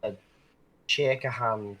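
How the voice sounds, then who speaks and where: A man's voice: mid-range voice, steady tone, slow, sharp tone, poor audio. A man playing a tabletop role-playing game who talks hesitantly and restarts his sentences. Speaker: player.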